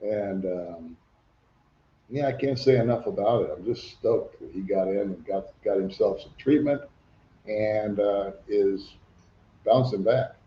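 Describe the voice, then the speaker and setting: A man's voice: on the low side, a little slow, slight background noise. Older man chatting on a livestream. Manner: reads viewer comments aloud, chatty. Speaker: livestream host. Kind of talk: casual livestream chat. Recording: echoey room, dull lo-fi sound.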